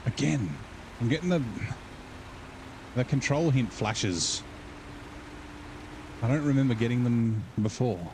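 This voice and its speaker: A man's voice: mid-range voice, measured pace, pauses often, noisy background. A man giving casual, rambling gameplay commentary and swearing now and then. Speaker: gaming channel host.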